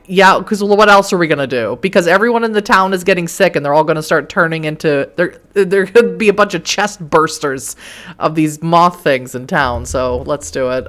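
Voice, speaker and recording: A woman let's play streamer with a fairly low, slightly bright voice reads a game's text aloud dramatically. She keeps interrupting herself with exasperated asides and laughs.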